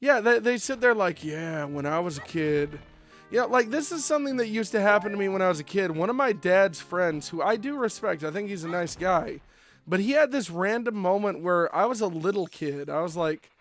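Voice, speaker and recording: A male streamer chatting casually while he plays, spinning rambling anecdotes full of fillers. His voice sits a touch high and he talks animatedly. Soft game music runs underneath. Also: fairly quick. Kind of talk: casual gameplay chat.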